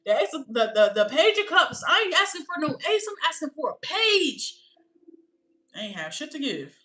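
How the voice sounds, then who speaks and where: A woman doing a tarot reading in a casual, animated way, talking in blunt slang and throwing out rhetorical questions. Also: high voice, normal speed, low-quality recording. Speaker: tarot reader.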